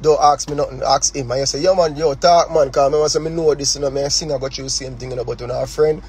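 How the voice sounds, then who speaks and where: Talking fast in a steady, medium-pitched voice that's a little mellow with a breathy edge, a Jamaican artist on a phone livestream speaks in patois. His heated direct address is confrontational, full of repeated words and rhetorical questions, and the recording is low quality.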